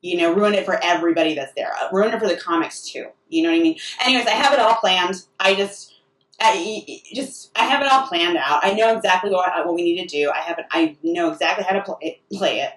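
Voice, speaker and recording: Bright-voiced woman rambling in an echoey room. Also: on the low side, brisk. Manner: rambling and self-interrupting, full of restarts. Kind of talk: rambling comic monologue. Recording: echoey room, distant mic.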